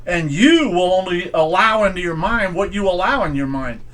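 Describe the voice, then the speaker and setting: High-voiced man preaching folksy sermon. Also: lively intonation, normal speed, a bit bright. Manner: folksy and conversational, strings of rhetorical questions; plain everyday grammar. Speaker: pastor. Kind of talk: informal sermon.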